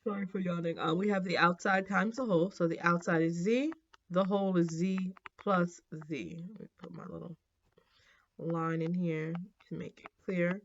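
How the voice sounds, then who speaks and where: A woman explains geometry in a casual teaching voice, a little low in pitch. She thinks aloud, fills pauses with ums and corrects her own slips. The recording sounds dull and lo-fi. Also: fairly even intonation. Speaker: math teacher. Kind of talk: casual whiteboard lesson.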